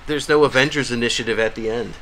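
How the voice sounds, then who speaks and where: A man's voice: medium pitch, fast talker, sharp tone, slight background noise. A man co-hosting a live podcast in casual chat, joking and sarcastic, laughing often. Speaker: podcast co-host.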